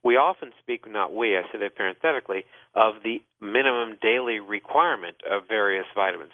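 A man's voice: lowish voice, fairly quick, hardly any pauses, no echo. A man, a doctor hosting a call-in health show, explaining at length with many "uh" fillers. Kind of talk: call-in radio advice. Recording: thin phone-like dry sound.

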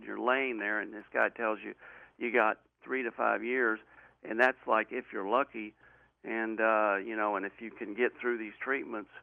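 An interview guest talks over a call in a gravelly, creaky voice. His earnest storytelling rambles and restarts often. The sound is thin and phone-like, with a dry, close quality. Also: lowish voice, dry recording. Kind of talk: personal storytelling in a remote interview. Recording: tinny phone-line audio.

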